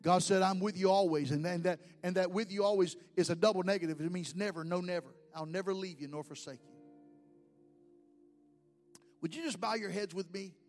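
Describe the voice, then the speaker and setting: Man preaching, high voice, dramatic shouts and whispers, long church reverb, soft music behind. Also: quick pace. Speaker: pastor. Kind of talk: sermon. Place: church sanctuary.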